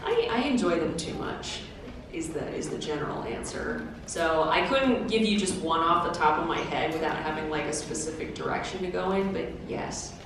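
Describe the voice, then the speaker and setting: A woman's voice: sits low, moderate pace. A young woman answering audience questions at a convention panel, chatty and laughing, with many fillers and restarts. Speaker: cosplayer taking audience questions. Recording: echoey hall, distant mic, noisy.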